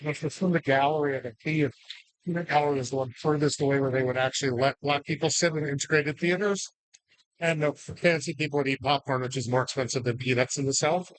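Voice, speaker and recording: Joking male bingo caller. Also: medium pitch. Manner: calls numbers slowly, jokey asides. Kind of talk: live bingo calling with banter. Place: bar.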